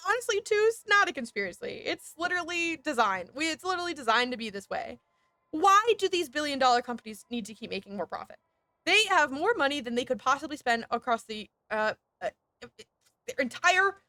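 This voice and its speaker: A woman streamer in casual, heated chat while gaming, animated and sweary, breaking into laughs. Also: high voice, no echo.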